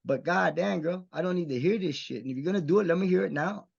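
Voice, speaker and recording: On a podcast, a guest actor from Mission, Texas, speaks fast, intensely and emphatically, swearing as the candid conversation goes. His voice sits high, with vocal fry and a husky quality, and the podcast audio is dull and lo-fi.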